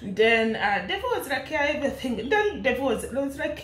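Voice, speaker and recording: A woman's voice: high-pitched, very animated, normal speed, a bit bright, echoey room. A woman with an East African English accent ranting in commentary, indignant and laughing, firing rhetorical questions. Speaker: commentary vlogger.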